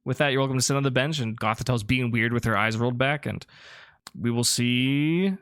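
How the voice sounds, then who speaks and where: A man's voice: mid-range voice, fairly quick, clear, resonant tone, no room sound, clean studio sound. Laid-back male game master. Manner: relaxed, rambling with fillers. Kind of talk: narrating a tabletop game.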